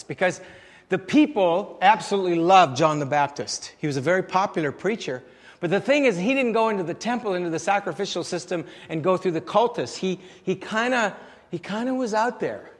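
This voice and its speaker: A man's voice: sits high, lively intonation, brisk, big-room sound. A man preaching a sermon in a conversational way, putting rhetorical questions to the congregation. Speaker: pastor.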